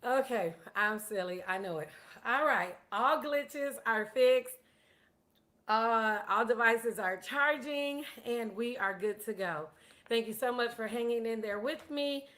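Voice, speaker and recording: A woman's voice: on the high side, unhurried, fairly bright tone. A woman giving a casual storytelling lesson on money, chatty and self-deprecating, often repeating words. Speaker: teacher of a personal finance course.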